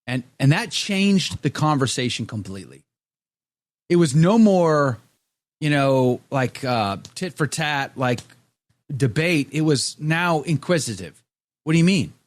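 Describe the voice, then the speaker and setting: A man's voice: a little high, expressive, unhurried, no echo. A male host in casual live-stream chat, reading viewer comments aloud and talking candidly. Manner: candid, conversational, with frequent restarts.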